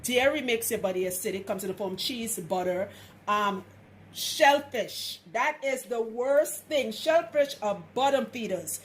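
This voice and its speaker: A woman's voice: a little high, lively intonation, measured pace, a little hiss or hum. A woman from Trinidad, a loctician, giving frank, chatty hair-care advice in a casual how-to vlog. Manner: chatty, frank, laughs often.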